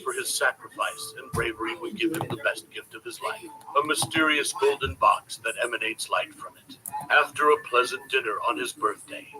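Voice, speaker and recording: Guy reading a superhero story out, even storybook tone, noise in the back. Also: medium pitch. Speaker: narrator. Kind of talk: scripted story narration. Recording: clear background noise.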